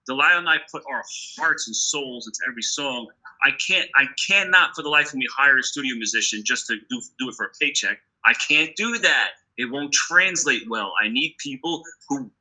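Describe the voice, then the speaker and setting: Emphatic bright-voiced New York man. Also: a little high, low-quality recording. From United States. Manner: emphatic, profane, acts out quoted exchanges. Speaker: guitarist guest. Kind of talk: casual storytelling interview.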